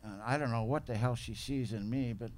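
Middle-aged man, recovery meeting speaker, casual slangy testimony, mid-pitched voice, acts out others' lines. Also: a little fast, a little mellow. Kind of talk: personal testimony storytelling.

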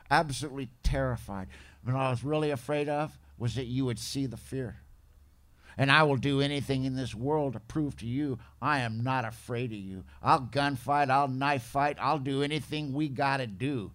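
A man's voice: medium pitch, moderate pace, fairly bright tone. A plainspoken man speaking at a recovery meeting, telling his story in a salty way, often tagging "man" and "you know". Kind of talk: personal storytelling talk.

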